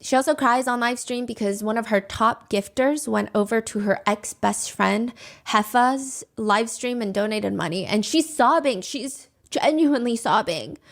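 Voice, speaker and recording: A woman's voice: a little high, moderate pace, creaky. Wry woman narrating internet drama. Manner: wry, judgmental storytelling. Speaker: commentary host.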